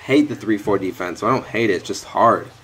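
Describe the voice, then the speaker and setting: A man's voice: on the low side, a little fast, fairly bright tone, husky. A young man commentating his own football video game, frustrated and swearing at his players, close to his mic. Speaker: gaming YouTuber. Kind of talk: live gameplay commentary. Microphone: headset or desk mic close to mouth.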